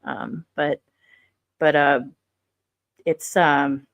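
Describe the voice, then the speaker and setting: A woman's voice: low-pitched, steady tone, very slow, gravelly, no echo, muffled recording. A woman giving casual commentary on clips, rambling and thinking aloud with lots of fillers.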